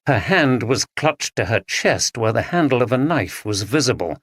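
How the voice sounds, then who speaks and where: Lively, expressive male audiobook narrator. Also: mid-range voice, normal speed, no echo, clean studio sound. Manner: expressive storytelling. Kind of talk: scripted narration.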